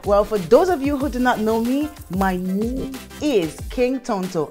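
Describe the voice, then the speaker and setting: A woman hosting a casual talk show, animated and emotional, speaking dramatically. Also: on the high side, measured pace, few pauses, soft background music. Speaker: host.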